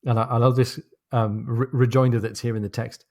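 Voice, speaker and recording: A man co-hosting a podcast, chatting casually about a novel and reading passages aloud slowly and deliberately. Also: medium pitch, level tone, a little mellow. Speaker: podcast co-host. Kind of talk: casual book discussion with read-aloud passages.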